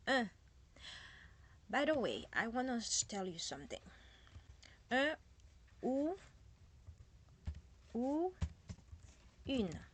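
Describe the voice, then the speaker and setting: Slow, deliberate French-accented woman teacher. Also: medium pitch. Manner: drills words slowly and repeats them for practice. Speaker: language teacher. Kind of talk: beginner language lesson.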